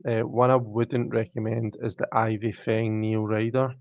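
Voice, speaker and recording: A man's voice: fairly low pitch, little pitch movement, moderate pace, creaky, dry recording, muffled recording. A man with a British accent hosting a live stream, casually reading viewer comments aloud and chatting back in a self-mocking way. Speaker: livestream host.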